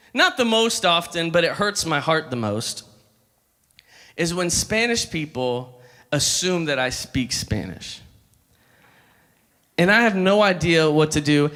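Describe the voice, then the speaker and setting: In a long, reverberant hall, a man in his thirties with a high, pushed, bright voice delivers a humorous youth sermon. As a youth ministry speaker, he tells jokes like a storyteller and keeps calling for responses from the crowd.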